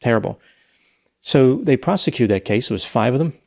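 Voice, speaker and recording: A man's voice: medium pitch, animated, fairly quick, creaky, darkish tone. A man hosting a casual true-crime discussion, telling a case story at length. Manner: storytelling, recounting details at length. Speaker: podcast host.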